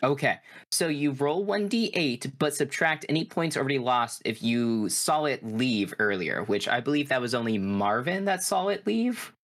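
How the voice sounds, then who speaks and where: A man's voice: mid-range voice, animated, normal speed, few pauses, a bit bright. A man running a tabletop horror game as game master, narrating casually with many restarts.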